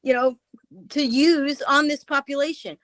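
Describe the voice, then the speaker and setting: A woman with a fairly high voice delivers fervent political commentary as a radio guest. She presses her points with repeated rhetorical questions. The sound is close and dry, like call audio without room echo. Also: steady tone, measured pace, a bit bright. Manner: impassioned, emphatic, rhetorical questions. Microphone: remote call audio.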